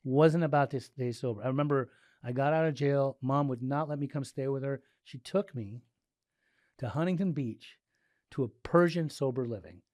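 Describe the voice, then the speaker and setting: A middle-aged man from Southern California, a guest in a casual interview, telling his story with animated delivery and acting out the dialogue. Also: mid-range voice, moderate pace, no room sound. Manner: animated, acts out dialogue, frequent "like" and restarts.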